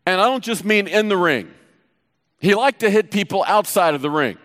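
Middle-aged male pastor, high voice, chatty storytelling sermon, long hall reverb. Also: expressive, moderate pace, a bit bright. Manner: storytelling, conversational, teasing the audience.

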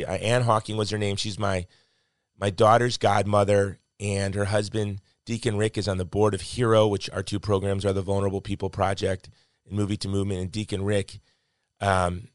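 Earnest low-voiced man telling a story. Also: dry recording, studio quality. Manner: earnest, reflective, with heartfelt emphasis. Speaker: guest. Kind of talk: conversational storytelling.

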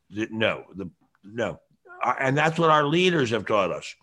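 An older man talks through a casual opinion podcast. He lectures in a long, opinionated monologue. His throat sounds bronchial, and he has to clear it now and then. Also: medium pitch, sing-song, a little slow, a bit bright. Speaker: show host.

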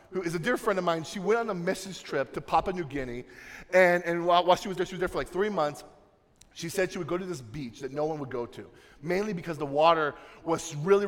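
A young man preaching a sermon, swinging from soft, low passages to loud, emphatic ones. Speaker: pastor. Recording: long reverb of a large hall.

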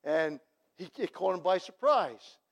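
A man's voice: high-pitched, animated, a little slow, vocal fry. A man preaching a sermon, telling a story and then making emphatic appeals to the listeners.

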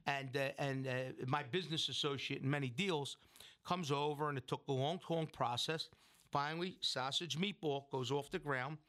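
A middle-aged restaurant owner spins a meandering story in an interview. His voice sits a little high for a man, and he keeps restarting sentences and quoting people. The delivery stays loose and conversational. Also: normal speed, a bit bright. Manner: rambling, with restarts and acted-out quotes. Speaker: restaurant owner and food entrepreneur.

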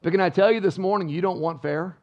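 A man's voice: high-pitched, quick pace. A male pastor preaching a sermon in church, emphatic and full of rhetorical questions to the congregation. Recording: dull lo-fi sound.

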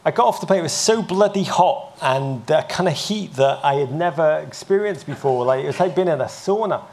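English man, fifties, live interview guest, animated storyteller, slightly high voice, faint background noise. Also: fairly quick, gravelly. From England. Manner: animated, self-mocking anecdotes with frequent restarts. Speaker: guest broadcaster.

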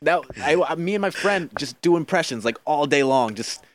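Animated young man in casual chat. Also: a little high, moderate pace. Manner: animated, lots of fillers and quoted voices. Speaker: guest.

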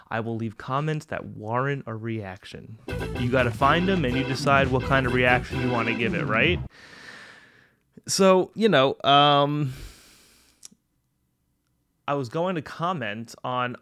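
A man's voice: mid-range voice, measured pace, no echo. Young guy podcast host going off on a rant, cussing, dry close mic, faint music under him. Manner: profane, animated rants with mocking put-on voices. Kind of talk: casual comedic monologue.

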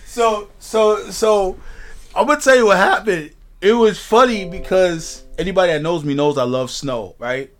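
A man hosting a casual talk show, telling a story in an animated way, swearing freely and often asking "you know what I mean". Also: high-pitched, normal speed. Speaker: podcast host.

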